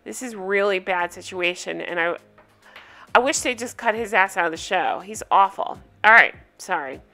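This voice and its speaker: A woman's voice: medium pitch, pushed and bright. A woman hosting a casual TV recap video, talking bluntly and emphatically and swearing freely. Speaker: reality TV recap host.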